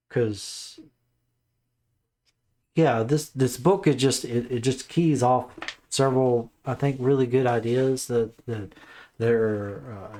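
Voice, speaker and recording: A man's voice: medium pitch, dark tone. A man casually reviewing a book, reading the blurb aloud with stumbles, then rambling with many fillers and restarts while sounding mentally tired.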